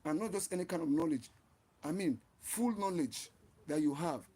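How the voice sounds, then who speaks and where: A man's voice: fairly high pitch, lively intonation, normal speed, mellow, husky. A man hosting his own channel, giving an impassioned, preachy live-stream talk and often repeating and restarting his phrases. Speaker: channel host.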